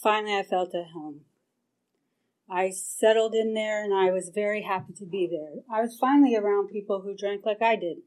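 Speaking in a meeting hall, a middle-aged woman shares her recovery story openly, cursing and reenacting her own past responses. Her mid-range voice is a little mellow and moderately paced, and the recording is rough.

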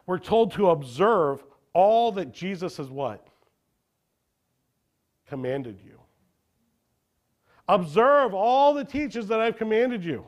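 A man preaching a sermon as a pastor, often asking the congregation questions and answering them himself. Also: high-pitched.

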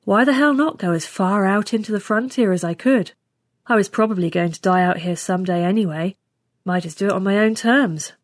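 A woman's voice: mid-range voice, brisk, no room sound, studio quality. A woman reading a science fiction story aloud in the first person with a wry tone. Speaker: story reader. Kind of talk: scripted narration.

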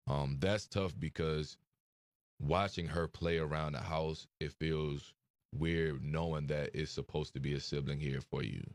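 A young man speaking as an interview guest, soft-spoken and hesitant, with many fillers. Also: rumbling low, steady tone, measured pace, dry recording, clean studio sound. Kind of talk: emotional interview conversation.

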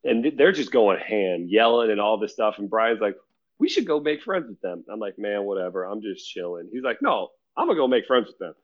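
Animated man telling a story. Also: on the low side, a little fast, few pauses. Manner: animated, laughs often, acts out quotes. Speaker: storyteller in a group chat. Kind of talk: casual podcast storytelling. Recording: dull lo-fi sound.

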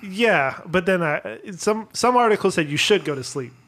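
A young man chatting casually on a podcast, telling a story with animated asides and playful voices for the people he quotes. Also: sits high, normal speed.

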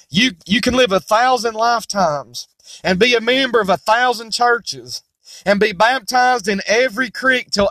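High-voiced man preaching emphatically. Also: bright, forceful tone, dry recording. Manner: emphatic, repetitive preaching with King James scripture quotes; voices imagined objections in a mocking tone. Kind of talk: sermon.

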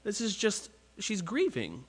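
A man's voice: high voice, wildly swooping pitch, a little slow, husky, in a large hall. A man preaching a sermon in an earnest, conversational way, often restarting phrases.

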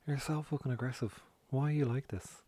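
Brief: male podcast host, mid-pitched voice, loose and teasing, swears a lot, dry close recording. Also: fairly even intonation, fairly quick, mellow, no room sound. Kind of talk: casual chat.

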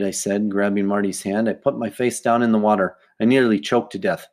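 A man's voice: lowish voice, fairly even intonation, a little fast, few pauses, darkish tone. Man reading a children's audiobook. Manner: plain first-person storytelling. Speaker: audiobook reader. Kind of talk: audiobook narration.

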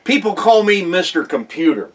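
A man's voice: sits high, very animated, moderate pace, slightly rough, distant mic. An older man co-hosting a casual chat podcast, dropping joking, teasing asides. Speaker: podcast co-host.

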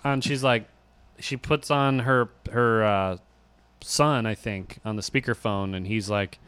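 An animated man co-hosting a podcast, telling a story with frequent laughs and voices for the people in it. His voice is bright and smooth, sitting a little high. The close mic gives a dry sound. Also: a little slow, dry recording. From New York City. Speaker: podcast co-host. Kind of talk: casual storytelling chat.

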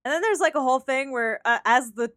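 A woman in casual chat about a movie, animated, swearing and acting out quotes. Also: high voice, fast, no room sound, studio quality.

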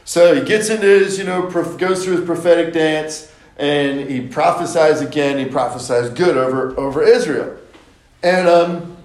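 A man's voice: on the high side, moderate pace, reverberant, rough recording. A man teaching a Bible study, retelling scripture stories casually and acting out the characters with playful asides.

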